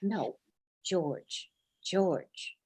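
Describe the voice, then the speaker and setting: A woman's voice: on the low side, animated, very slow, a little mellow, husky, heavily acted. A woman reading the part of a flustered, scolding mother of the groom in a staged play reading.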